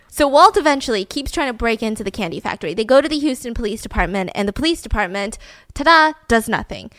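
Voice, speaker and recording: A young woman hosts a casual true-crime podcast and recounts the story in a chatty, animated way, swearing freely. Her voice sits fairly high, and the recording is dry and close. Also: fast talker, no room sound. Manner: chatty, animated, blunt with profanity. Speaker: podcast host.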